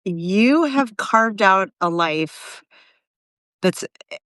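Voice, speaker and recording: Woman in her forties, rambling reflective chat, smooth resonant voice, dry close sound. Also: medium pitch, expressive, drawn-out words, a bit bright, dry recording. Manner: rambling and reflective, many fillers and restarts. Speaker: co-host of a live video chat. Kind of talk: casual chat.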